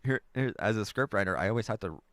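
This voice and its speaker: A man's voice: on the low side, animated, quick pace, fairly bright tone, dry recording. A young adult man from the United States, hosting a casual live stream and chatting with viewers in a rambling way, laughing often. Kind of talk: casual live chat reading viewer comments.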